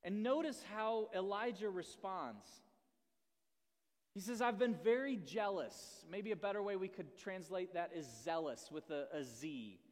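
High-voiced pastor preaching in a reverberant hall. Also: male voice, animated, a little slow. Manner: conversational, self-deprecating, asks the audience questions. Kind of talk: sermon. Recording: long reverb of a large hall.

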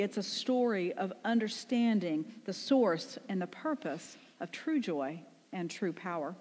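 A woman pastor delivering a conversational sermon, often asking the congregation rhetorical questions. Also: mid-range voice. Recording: long reverb in a large room.

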